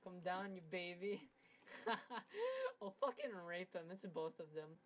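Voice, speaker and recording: A young woman giving casual gameplay commentary, swearing and trash-talking rivals crude and loud, with bursts of laughter. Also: fairly low pitch, huge pitch swings, slow. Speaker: gaming commentator.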